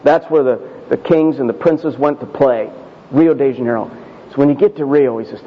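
A male pastor telling a personal story in a sermon, conversational and self-deprecating, slowing down for emphasis. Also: medium pitch, slight background noise. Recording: dull audio with long hall reverb.

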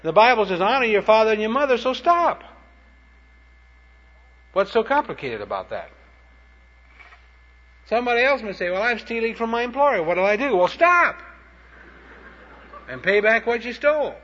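A man's voice: high-pitched, very animated, normal speed, long pauses, a bit bright. A man preaching a sermon, telling short anecdotes in a plain-spoken, punchy way. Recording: dull lo-fi recording.

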